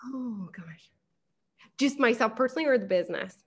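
A woman's voice: on the high side, animated, moderate pace, slightly rough. A woman, a guest on a podcast, chatting in a rambling way and laughing often. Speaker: podcast guest, hair removal business owner. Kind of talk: casual interview chat.

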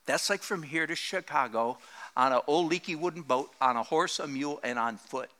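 A man preaching a sermon in an animated, joking way, laughing often at his own jokes. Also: fairly high pitch, normal speed. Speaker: pastor.

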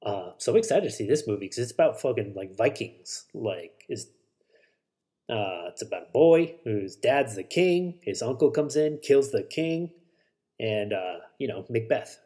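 A man's voice: medium pitch, sing-song, unhurried, dark tone. A man hosting a solo podcast, rambling casually about shows and movies, swearing and correcting himself as he goes. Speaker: podcast host.

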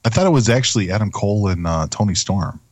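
A man's voice: on the low side, lively intonation, quick pace, darkish tone, dry recording. A man co-hosting a casual wrestling chat podcast, loose and profane in his talk. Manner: loose and profane, laughs easily. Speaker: podcast co-host.

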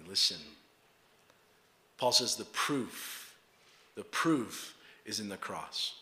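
Bright-voiced man preaching in an echoey room. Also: measured pace, long pauses. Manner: animated storytelling, laughing and loud as he acts out the scene; low, earnest appeal when preaching. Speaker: pastor. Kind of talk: sermon with a personal story.

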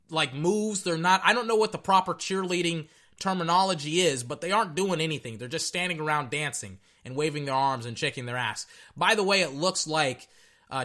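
A young man giving casual, rambling reaction commentary on a football game, excitable and tripping over his words. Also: a little high. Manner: excitable, rambling, stutters and repeats himself.

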